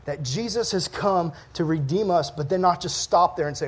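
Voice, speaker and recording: High-voiced joking youth pastor, man. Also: moderate pace, slightly rough. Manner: chatty and joking, laughs often at himself. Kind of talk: casual sermon to teenagers.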